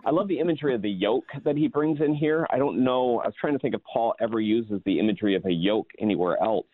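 Pastor on a tinny phone-like line. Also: male voice, medium pitch, fast talker, no echo. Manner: earnest, explanatory, many fillers. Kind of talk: casual Bible study discussion.

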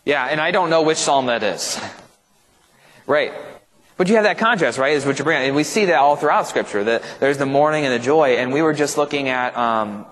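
A man's voice: mid-range voice, lively intonation, a little fast, a bit bright. A male pastor leading an informal Bible study, talking conversationally and often checking in with his listeners. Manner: conversational, keeps checking in with "right?". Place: church, large echoey room. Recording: echoey hall reverb.

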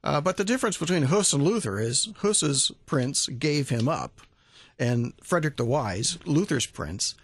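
A man, a museum director, talking as a guest in a radio studio interview, halting with many fillers and restarts. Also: a little high, big pitch swings, breathy edge. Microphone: studio microphone.

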